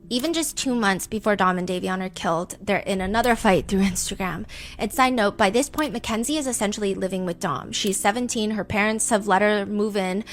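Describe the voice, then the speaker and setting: A woman's voice: medium pitch, a little fast, faint music behind. A young woman hosting a true crime show, narrating the case casually with emphatic asides and lots of fillers. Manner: chatty, emphatic, many asides.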